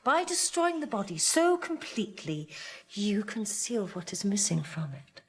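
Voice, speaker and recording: Reptile detective lady, formal, dry, precise, animated. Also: mid-range voice, measured pace. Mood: deducing. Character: poised Victorian reptile woman detective. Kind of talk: TV drama acting.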